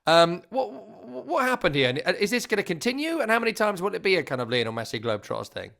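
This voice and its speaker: Lively man telling stories. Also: sits high, fast, creaky. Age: over thirty-five. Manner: animated storyteller, jokey. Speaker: podcast co-host. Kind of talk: casual football chat.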